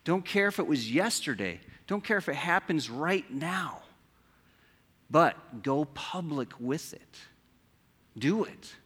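A man's voice: on the high side, animated, takes it slowly, a bit bright, slightly rough. A man preaching a sermon as pastor, conversational, asking his listeners rhetorical questions. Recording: long hall reverb.

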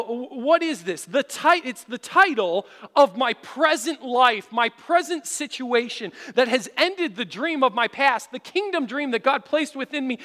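A male pastor preaching a sermon in a church, telling stories with animation and rising to shouts for emphasis. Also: very high voice. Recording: long hall reverb.

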